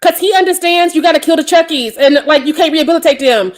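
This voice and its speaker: A woman's voice: sits high, fast. A woman co-hosting a casual podcast chat, blunt and profane in her opinions. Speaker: podcast co-host.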